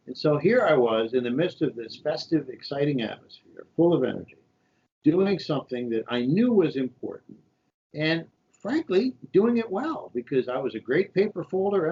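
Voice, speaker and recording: A man in his sixties from New York, telling stories as a podcast guest and acting out the voices of people he quotes. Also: mid-range voice. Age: 60s. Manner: animated anecdotes, acts out quoted voices. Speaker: shadow senator, guest. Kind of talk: storytelling interview. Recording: dull lo-fi podcast audio.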